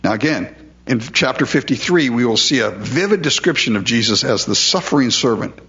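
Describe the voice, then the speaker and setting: A man's voice: medium pitch, expressive, a little fast, fairly bright tone, lo-fi sound. A man preaching a verse-by-verse sermon in a conversational way, often asking rhetorical questions. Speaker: pastor. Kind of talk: expository sermon.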